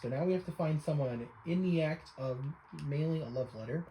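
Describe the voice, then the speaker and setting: A man's voice: on the high side, brisk, highs cut off, slight background noise. A man giving casual, offhand let's-play commentary over a game, talking loosely with frequent fillers. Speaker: game streamer.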